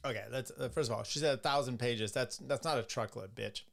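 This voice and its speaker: A man's voice: mid-range voice, a little fast, vocal fry, a crowd in the background. A young man hosting a podcast, rambling and sarcastic as he comments on clips, with frequent restarts and asides. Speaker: podcast host. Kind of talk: casual commentary.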